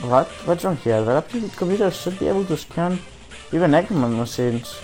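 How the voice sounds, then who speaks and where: A man's voice: on the high side, animated, normal speed, a little mellow, soft background music, low-quality recording. A man reading on-screen game text aloud while casually commenting on his play, often hesitating and restarting.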